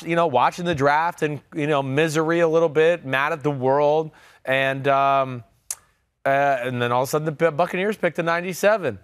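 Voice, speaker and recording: A man's voice: medium pitch, a bit bright, clear, resonant tone, no echo, studio quality. A man in his forties, a podcast host and former quarterback, telling loose, rambling stories in casual sports talk. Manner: loose, rambling storyteller with many fillers.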